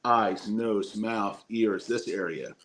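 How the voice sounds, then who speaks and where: A lower-pitched man tells a matter-of-fact anecdote as a podcast guest. Faint noise sits behind his voice. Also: takes it slowly, a bit bright. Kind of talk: casual chat.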